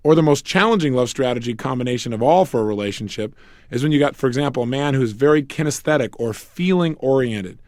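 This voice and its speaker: Lively, animated man teaching. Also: mid-range voice, quick pace, dry recording, studio quality. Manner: animated, acts out quarrels between couples; joking asides. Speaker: self-help speaker. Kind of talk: motivational relationship seminar.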